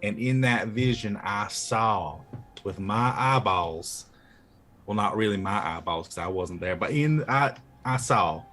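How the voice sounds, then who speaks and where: A man playing in a tabletop game who talks very slowly and haltingly, stopping and restarting as he goes. Faint music plays in the background. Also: mid-range voice, fairly bright tone. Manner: halting, hesitant storytelling with restarts. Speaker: player. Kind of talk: tabletop role-play.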